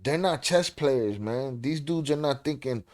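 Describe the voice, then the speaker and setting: Dude reacting to a podcast, blunt, cussing, cracking jokes, normal mid voice. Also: male voice, mid-range voice, lively intonation, a little slow, darkish tone. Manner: blunt, profane, wisecracking. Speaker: reaction show host. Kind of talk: casual commentary on a podcast clip.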